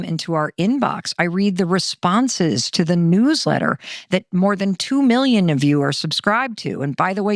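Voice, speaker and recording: A woman in her fifties hosting a solo podcast, talking straight to listeners in an animated way, sometimes acting out her own thoughts with sighs and whispers. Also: mid-range voice, no echo, clean studio sound. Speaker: podcast host.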